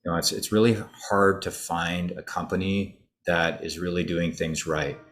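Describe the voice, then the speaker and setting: A man's voice: low voice, level tone, normal speed, a bit bright, a little hiss or hum. A man presenting an online info session in a loose, conversational way, with frequent fillers and restarts. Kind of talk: live webinar presentation.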